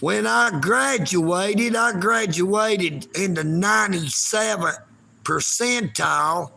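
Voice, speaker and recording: A man's voice: high-pitched, slow, gravelly, pushed and bright. A man, ranting on a livestream in a folksy, taunting way and talking about himself in the third person. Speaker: live streamer. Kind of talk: livestream rant.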